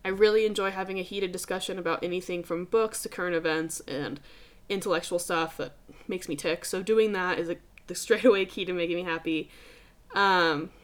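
Calling listeners dude and cursing without restraint, a young woman hosts a motivational podcast in a casual, emphatic way. Her voice sits on the low side with a fairly bright tone.

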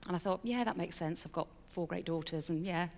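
A woman's voice: on the low side, a little fast, creaky. Woman telling her story in a hall. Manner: candid, chatty storytelling with fillers and self-mockery. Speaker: speaker sharing a personal testimony. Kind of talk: personal testimony talk.

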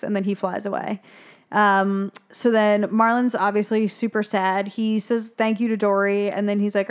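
A young woman talks casually on a podcast, walking through a film scene by scene. She swears easily, fills her talk with "like" and "um", and jumps up into high voices whenever she quotes a character. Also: flat delivery, moderate pace, smooth. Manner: chatty, swears freely, acts out characters' lines in higher voices. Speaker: podcast co-host recapping a film. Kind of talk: casual chat.

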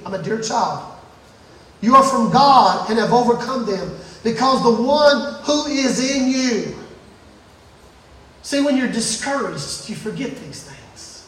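A man with a very high voice preaches in a church. He swings between shouting and hushed asides. The sound is heavily echoey, from a mic set back from him. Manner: shouting and dropping to near whispers, playful asides. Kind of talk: sermon. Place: church sanctuary. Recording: very echoey room, mic at a distance.

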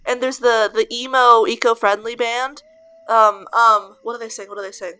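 A woman co-hosting a podcast, talking excitedly in casual chat. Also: fairly high pitch, smooth. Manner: excitable, chatty, quick reactions. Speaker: podcast co-host.

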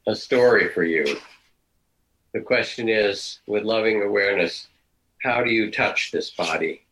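An older man giving a dharma talk as a meditation teacher, telling stories in a gentle, unhurried, reflective way. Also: on the low side, low-quality recording.

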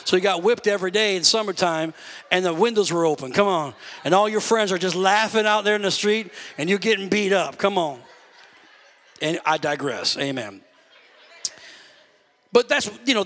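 A man preaching a sermon to his church, animated and conversational, with frequent call-outs like amen and praise God. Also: high-pitched, long reverb tail. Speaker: pastor.

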